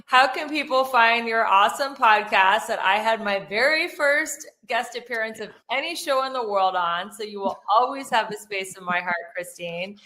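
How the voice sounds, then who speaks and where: A woman's voice: fairly high pitch, normal speed, hardly any pauses, pushed and bright. A woman hosting a podcast interview, upbeat and encouraging. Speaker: podcast host.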